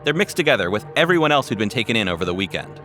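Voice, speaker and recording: A man narrating a documentary podcast in a measured way, with dramatic pauses. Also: fairly low pitch, big pitch swings, over music. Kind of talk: scripted narration.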